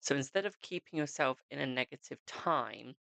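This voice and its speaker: A man's voice: mid-range voice, moderate pace, creaky, sharp tone, no room sound. A man streaming live, reading tarot cards and chatting with viewers, calling them "my darling". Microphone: desk microphone.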